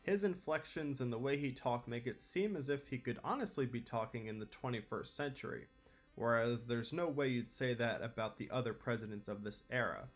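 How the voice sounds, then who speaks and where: A man's voice: mid-range voice, a little fast. A man hosting a history channel, narrating scripted commentary with opinionated, wry asides.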